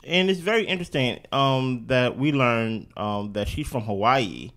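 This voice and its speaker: A man co-hosting a podcast, reacting in animated, colloquial talk and addressing people directly. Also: mid-range voice, moderate pace. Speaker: podcast co-host. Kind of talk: casual reaction chat.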